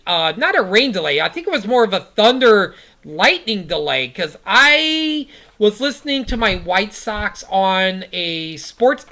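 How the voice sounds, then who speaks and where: A woman's voice: medium pitch, pushed and bright. A woman around forty, hosting a casual sports podcast and recapping football in a rambling way, full of fillers.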